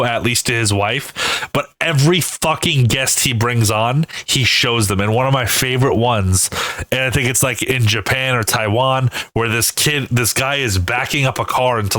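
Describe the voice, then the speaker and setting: A man co-hosting a casual comedy podcast, telling stories in an animated way with lots of swearing and acted-out screams. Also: mid-range voice, dry recording, low-quality recording. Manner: animated storyteller, heavy swearing, acts out screams. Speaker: podcast co-host.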